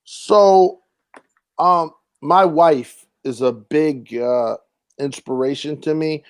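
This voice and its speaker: A man's voice: on the high side, takes it slowly, smooth. A man talks through his acting stories in a loose, rambling way, stopping and restarting often and slipping into other people's voices when he quotes them. The sound is dry, with no room echo around him. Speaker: actor and comedian guest. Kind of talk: casual interview storytelling.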